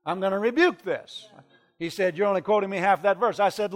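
Middle-aged male preacher, slightly high voice, sermon storytelling, drops quiet then shouts. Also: moderate pace. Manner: animated, swings from hushed to shouting. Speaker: traveling preacher.

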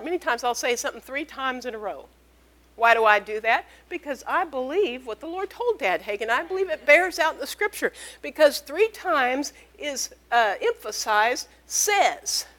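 A woman preaching a sermon, emphatic, repeating key phrases and calling out amen. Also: sits high.

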